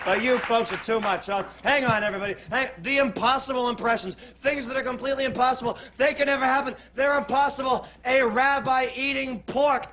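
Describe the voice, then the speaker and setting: A man doing a rapid-fire club comic routine, brash and loud, punching each joke with a shouted catchphrase in cheesy old-school showman patter. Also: extremely high pitch, steady tone, a faint crowd. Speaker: stand-up comedian guest. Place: TV studio stage before a live audience.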